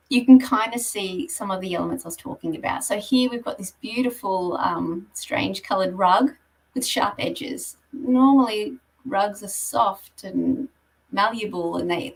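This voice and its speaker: Speaking as a guest on property marketing, this woman from Australia talks through her slides in a chatty way, dropping plenty of ums along the way. Her voice sits at a medium pitch, though the distant mic leaves the sound poor.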